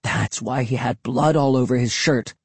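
A jumpy, frightened young boy, as a man reads him in an audiobook speaks in a hushed, anxious, drawn-out way. The voice is husky, set at an ordinary pitch and recorded dry and close. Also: dry recording. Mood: nervous.

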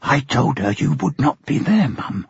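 A man reading an audiobook, voicing a timid little old father who is gentle, anxious and remorseful. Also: fairly high pitch, sing-song, a little slow, creaky, slightly rough, no room sound, pitched above the performer's own voice, exaggerated voice. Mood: pleading. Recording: dull lo-fi sound.

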